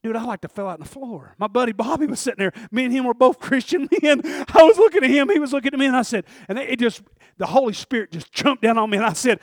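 Man, middle-aged, folksy sermon, high voice, dry close sound. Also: animated, fast, few pauses, no room sound. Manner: folksy, swings from hushed to shouting. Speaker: pastor. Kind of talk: sermon with personal story. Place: church sanctuary.

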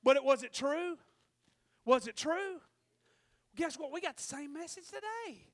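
A man's voice: very high-pitched, lively intonation, measured pace. A male preacher giving a fervent sermon and calling out to the congregation for amens.

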